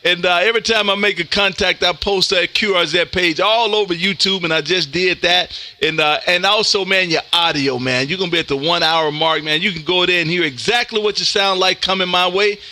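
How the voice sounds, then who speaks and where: A man from Texas, a ham radio operator streaming live, talking loud and energetic as he makes contacts and calls "man" after almost every phrase. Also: high-pitched, brisk, few pauses, no echo. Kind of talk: on-air radio contacts and chat. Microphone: close studio mic with headphones.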